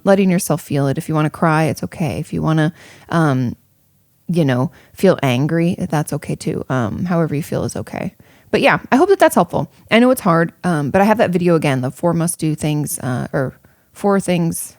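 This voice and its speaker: A woman's voice: low voice, darkish tone, no room sound, clean studio sound. A woman therapist hosting an advice podcast, talking casually and frankly with many fillers as she answers listener questions.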